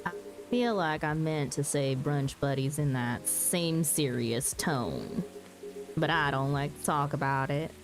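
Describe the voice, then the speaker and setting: A woman hosting a stream in casual chat, relaxed and giggly. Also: deep voice, a little slow, over music. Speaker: streamer host.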